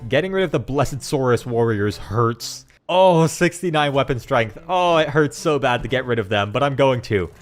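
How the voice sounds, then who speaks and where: A young man talks through his game run in casual commentary, his pitch bouncing all over the place. He is excitable, dropping into flat asides and then bursting out loudly when something goes well. Faint music plays under his voice. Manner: excitable, swings between flat asides and loud outbursts. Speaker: gaming YouTuber. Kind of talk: gameplay commentary.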